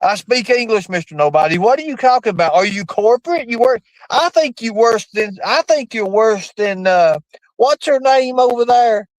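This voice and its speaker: A man streaming live, rambling and swearing. His pitch swings widely, leaping up suddenly before dropping back. The voice sounds dry and close, with no room echo. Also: expressive, normal speed. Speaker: livestream host. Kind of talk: profane rambling livestream chat.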